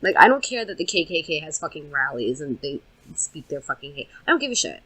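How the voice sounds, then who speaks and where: A woman's voice: deep voice, sing-song, fast, fairly bright tone, husky, low-quality recording. A woman co-hosting a podcast in casual chat, blunt and swearing a lot. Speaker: podcast co-host.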